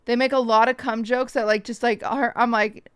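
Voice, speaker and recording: A woman streamer telling a story to her chat in a casual, animated way, swearing often and acting out the voices of people she quotes, with hiccups. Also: on the high side, moderate pace, clean tone, dry recording, studio quality.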